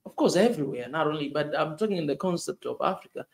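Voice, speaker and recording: A man from Tanzania comments on the news in a loose, heartfelt way. His fairly high voice climbs as he repeats himself and keeps tossing in "man". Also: expressive, fast talker, gravelly, few pauses. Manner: emotional, repetitive, says "man" often, voice rising in outrage. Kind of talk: impassioned casual commentary.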